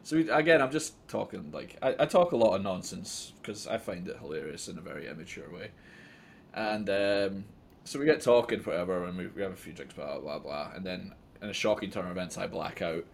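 A man's voice: low voice, expressive, brisk, creaky. A Scottish man in his thirties, a poker player telling stories in a casual interview, rambling and self-mocking, swearing freely. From Scotland. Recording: faint background noise.

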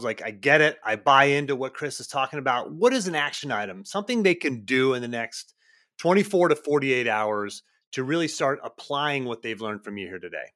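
A man hosting a podcast, asking interview questions in a measured, polite way. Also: medium pitch, a bit bright, smooth. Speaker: podcast host.

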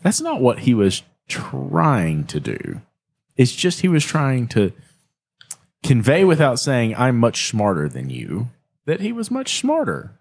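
Husky, teasing man. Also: mid-range voice, huge pitch swings, a little slow, darkish tone. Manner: teasing, sarcastic. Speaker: podcast co-host. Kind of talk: casual chat.

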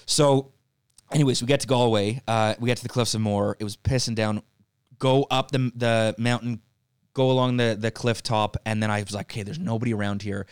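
A man's voice: mid-range voice, steady tone, a little fast, clear, resonant tone, no echo, clean studio sound. A young man from Ireland, a podcast guest, telling a story in casual chat, acting out quotes, swearing freely and laughing often.

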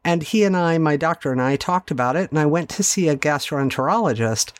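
A woman's voice: low voice, expressive, a little fast, no room sound. Candid woman telling her story, dry sound. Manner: candid, conversational, wry asides. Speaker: podcast host. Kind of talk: personal storytelling monologue.

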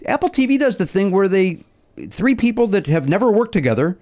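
A man who is a guest on a podcast, chatting casually and griping about sports broadcasts in animated banter. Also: sits high, a little fast. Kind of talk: casual chat.

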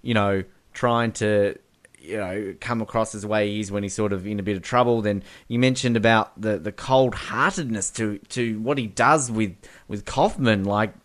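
A man's voice: on the low side, moderate pace. Enthusiastic rambling male podcast host. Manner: enthusiastic, rambling with many fillers and restarts. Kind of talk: casual film discussion.

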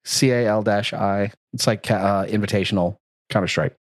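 A man's voice: fairly low pitch, fairly even intonation, moderate pace, dry recording, clean studio sound. A man hosting a podcast, joking around in casual banter and laughing often. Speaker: podcast host.

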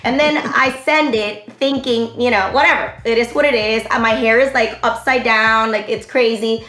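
A woman's voice: fairly high pitch, normal speed. Chatty, rambling woman in a roomy echo. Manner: animated, rambling, many fillers. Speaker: interview guest, online comedy creator. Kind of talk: casual interview chat.

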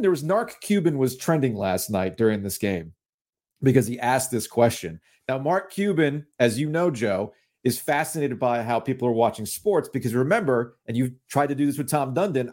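A man hosting a sports podcast, chatting casually and joking with mock indignation. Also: mid-range voice. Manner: animated, jokey, mock-indignant rants. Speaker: podcast host.

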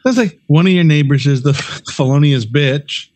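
Man, podcast co-host, slightly high voice, jokey, laughs a lot. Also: normal speed, a little mellow. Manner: joking, laughs often, riffs with mock quotes. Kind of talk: casual chat.

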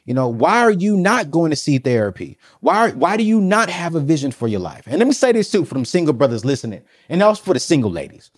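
A man talking as a guest in a conversation, giving faith-based advice in an energetic, preacherly way full of rhetorical questions. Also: fairly high pitch, fast talker, hardly any pauses. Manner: energetic and emphatic, acts out scenes. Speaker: podcast guest.

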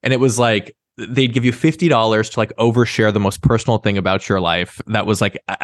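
A man in his thirties speaks candidly as an interview guest, his voice sitting fairly low. He talks in lively bursts, putting on other people's voices for quoted lines. The sound is dry and close. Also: no room sound. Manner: candid, animated, mimics others in quoted asides. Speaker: guest, sex writer. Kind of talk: casual interview chat.

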